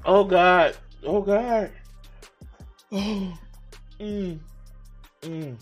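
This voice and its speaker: A man's voice: high voice, expressive, drawn-out words, long pauses, soft background music. A man live-streaming his reactions, playful, teasing and profane.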